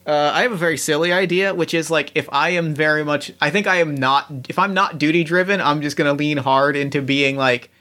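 A man's voice: on the high side, brisk, hardly any pauses, pushed and bright. A man chatting casually as a tabletop game player, rambling and interrupting himself with jokes. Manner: rambling, self-interrupting, jokey. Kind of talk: casual chat.

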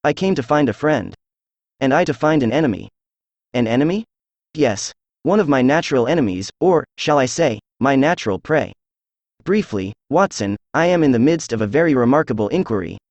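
A synthesized male voice narrating a classic story as an audiobook, reading in an even way with little change between characters. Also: medium pitch, a little fast, dry recording, lo-fi sound.

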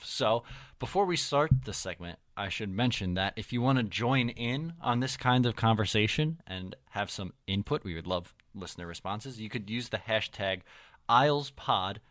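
A man's voice: fairly low pitch, a bit bright, no echo. A young man hosting a casual sports podcast, laid-back and joking as he tells a story. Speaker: podcast host. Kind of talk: casual hockey podcast chat.

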